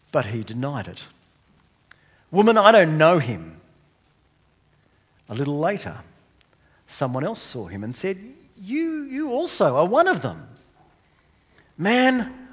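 Male preacher, lively rising and falling pitch, slightly high voice, rhetorical questions, echoing church hall. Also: husky. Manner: emphatic, asks the congregation rhetorical questions. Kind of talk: sermon. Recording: long hall reverb.

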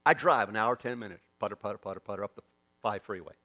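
A man's voice: lowish voice, fast talker. A man with a Southern US accent, a preacher telling a story in a sermon and acting out the dialogue. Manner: animated storyteller, acts out quoted dialogue.

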